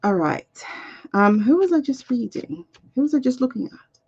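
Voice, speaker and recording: Her voice is high and expressive, darkish and slightly rough, at a moderate pace, heard through dull audio. She's a card reader on a live stream, casually chatting and talking to herself while sorting out links.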